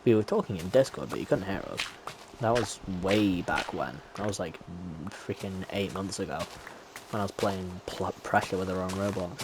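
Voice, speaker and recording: Here a streamer mutters a chatty, casual play-by-play to himself as he games. His voice is low-pitched and his speed normal, with some background noise.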